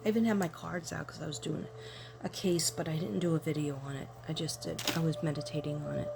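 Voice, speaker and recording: An older woman chatting casually to her viewers while unboxing gifts, excitable and quick to gasp with delight. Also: sits low, vocal fry, a little hiss or hum. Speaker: tarot reader and vlogger.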